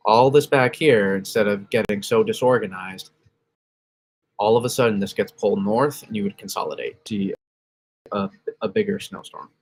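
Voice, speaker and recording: A man's voice: on the low side, moderate pace, a little mellow. A man hosting a casual weather stream, rambling through model maps, often correcting himself and reacting to chat. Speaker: weather channel host. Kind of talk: casual livestream weather analysis.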